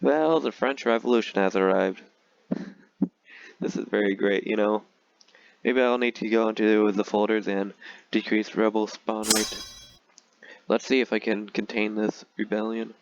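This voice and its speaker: A man's voice: fairly low pitch, steady tone, moderate pace, vocal fry, dull audio. A man talking casually and sarcastically through a strategy game, with frequent filler words. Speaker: gaming video creator.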